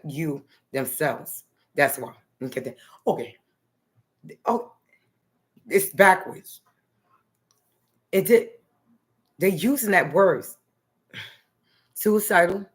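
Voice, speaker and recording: A woman from New Jersey talking in a loose, rambling personal monologue to the camera, dotting her talk with "okay" and "nice". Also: fairly low pitch. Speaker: vlogger.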